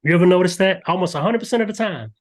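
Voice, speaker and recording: A man's voice: sits high, very fast. Earnest older man telling stories. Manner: earnest, lively storytelling with restarts. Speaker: guest. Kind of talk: candid podcast interview.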